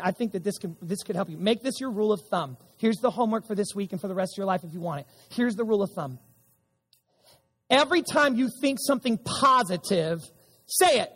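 High-pitched, a bit mellow and slightly rough, this middle-aged pastor's voice drives an emphatic sermon. He keeps repeating lines and trading call-and-response with his congregation, all echoing in a sanctuary with long reverb.

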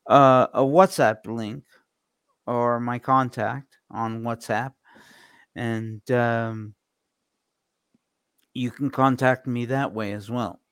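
A man co-hosting a casual podcast, talking with many fillers and pauses. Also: mid-range voice, steady tone, a bit bright, clean tone, no echo, clean studio sound. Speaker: podcast co-host.

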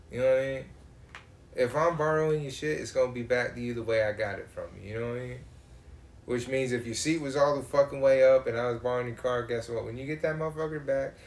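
A man in casual chat, telling profane, animated stories. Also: medium pitch, roomy sound.

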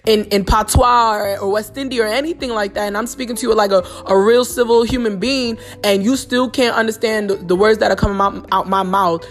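A woman's voice: mid-range voice, brisk, few pauses, soft background music. Blunt, profane New York woman ranting. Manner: blunt, profane, animated retelling with slang. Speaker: podcast host. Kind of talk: casual storytelling monologue.

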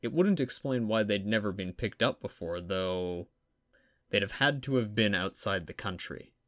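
An audiobook narrator, a man with a fairly low pitch at normal speed, reads fiction aloud in a steady, even storytelling manner. The recording is dry and of studio quality.

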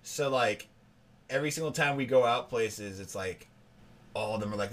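A man's voice: medium pitch, lively intonation, moderate pace, a bit bright. A young man co-hosting a podcast, chatting casually and rambling, often quoting people in put-on voices. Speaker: podcast co-host. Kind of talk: casual chat.

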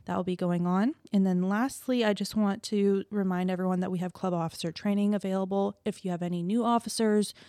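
A woman's voice: mid-range voice, fairly even intonation, a little fast, few pauses, warm tone, clear, resonant tone, dry recording, clean studio sound. A woman co-hosting a campus podcast, reading event announcements in a chatty way with filler words. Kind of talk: casual chat.

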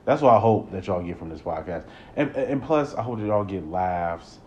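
Deep-voiced man hosting a solo podcast. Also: normal speed, lo-fi sound, slight background noise. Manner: rambling, repeats words, rises into animated rants. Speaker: podcast host. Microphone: close podcast mic.

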